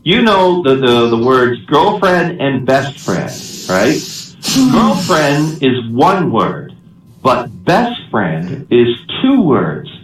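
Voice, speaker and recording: Comedy host, male, animated delivery, roomy echo and set back from the mic. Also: medium pitch, slow pace, a little hiss or hum. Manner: lively joke delivery. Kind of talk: joke telling. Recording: echoey room, distant mic.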